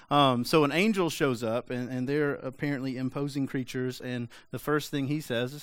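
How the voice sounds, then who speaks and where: A man's voice: mid-range voice, fairly even intonation, normal speed, few pauses, dry recording. A male pastor giving a sermon in a casual, joking, conversational way.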